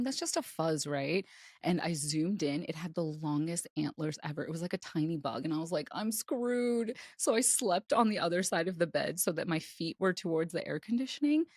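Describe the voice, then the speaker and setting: A woman's voice: deep voice, a little mellow, no echo, clean studio sound. A woman co-hosting a podcast, telling stories animatedly and laughing often. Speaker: podcast co-host. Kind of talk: casual chat.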